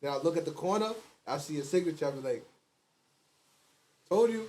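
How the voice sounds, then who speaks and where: A man's voice: a little high, animated, rapid-fire, a little mellow. A man hosting a casual chat, easygoing and admiring, who talks in slang. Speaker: host. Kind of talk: casual conversation.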